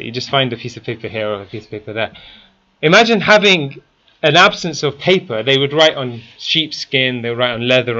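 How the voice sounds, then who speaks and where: A man's voice: fairly high pitch, bright, forceful tone, muffled recording. A man teaching a class, constantly quizzing his students with questions. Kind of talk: interactive classroom lesson.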